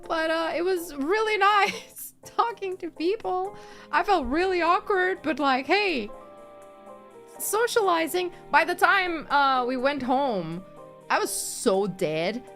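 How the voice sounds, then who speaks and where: Woman streamer, high and lively, chatty and giggly, soft music underneath. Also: slow pace. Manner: rambling, chatty, laughs often. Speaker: virtual streamer. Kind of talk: casual chat stream.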